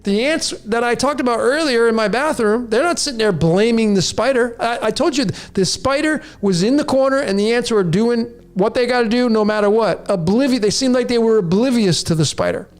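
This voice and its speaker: This man in his late forties has an extremely high-pitched voice and talks a little fast with few pauses. Hosting his podcast, he launches into a raw, preachy monologue aimed directly at listeners.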